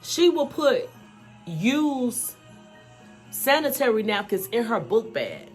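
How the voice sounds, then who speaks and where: A woman vlogger, an adult mother of school-age children, tells her own life story to the camera, candid and emphatic, often saying "you know" and "y'all." Her fairly high voice is sing-song and slow, with faint music in the background.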